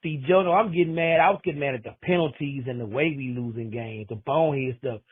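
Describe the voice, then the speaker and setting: A man's voice: mid-range voice, quick pace, husky. A man leaving a rambling, joking voicemail full of slang. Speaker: voicemail caller. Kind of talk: casual phone message. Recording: tinny phone line.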